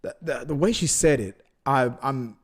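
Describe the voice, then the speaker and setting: A man's voice: medium pitch, moderate pace, husky. A man co-hosting a casual movie podcast, rambling and joking as he talks through the news. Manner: jokey, rambling, self-correcting. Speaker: podcast co-host.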